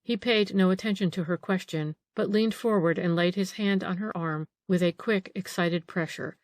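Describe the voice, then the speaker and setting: A woman narrating an audiobook in a measured, steady storytelling manner. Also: lowish voice, no room sound, studio quality. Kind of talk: scripted narration.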